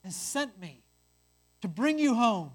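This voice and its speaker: A reader voicing a calm, patient firstborn son sent to bring his brothers home, in a told parable. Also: medium pitch, slow pace. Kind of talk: storytelling.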